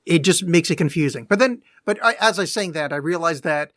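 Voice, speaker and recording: A man's voice: fairly high pitch, animated, fairly quick, fairly bright tone, no room sound, studio quality. A man co-hosting a podcast in casual chat, blunt and profane, with an exasperated edge. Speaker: podcast co-host.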